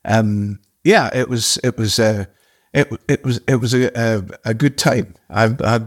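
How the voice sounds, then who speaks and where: Husky older man telling a story. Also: lowish voice. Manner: halting, restarts, swears casually. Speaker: actor guest. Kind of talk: casual storytelling.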